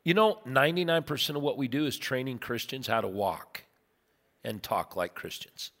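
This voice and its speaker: Brief: animated man in his fifties telling stories from the pulpit, bright voice, long hall reverb. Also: mid-range voice, moderate pace. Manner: animated storyteller, acts out voices. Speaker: pastor. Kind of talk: sermon with storytelling.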